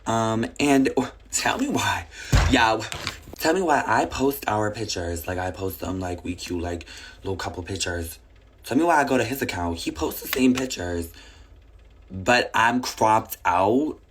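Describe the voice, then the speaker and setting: A young woman with a raspy, sick-sounding voice, telling a casual storytime with blunt, swearing asides. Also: rumbling low, expressive, measured pace, noisy background.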